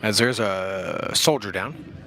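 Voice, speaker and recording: A young man does loose, jokey play-by-play for a kids' football game, sprinkling in slang and laughing at his own calls. His voice is bright and forward. Faint outdoor noise sits behind him at the field. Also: on the low side, slow pace, a faint crowd. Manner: laid-back, jokey, slangy, self-deprecating. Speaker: play-by-play commentator. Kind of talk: casual youth football commentary.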